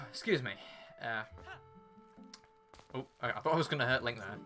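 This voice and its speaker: A man's voice: mid-range voice, normal speed, pushed and bright, faint music behind. A young man streaming a game, chatting casually and rambling to his viewers, sniffly from a runny nose. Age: young adult. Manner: chatty, rambling, talks to chat and game character. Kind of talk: casual live-stream chat.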